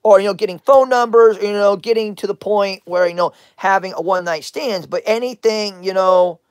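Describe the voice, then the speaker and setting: A woman's voice: medium pitch, moderate pace, clean tone, no echo. A woman hosting a rambling livestream, crude and teasing as she answers her chat, often breaking into laughter. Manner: crude, teasing questions at chatters. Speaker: livestream host.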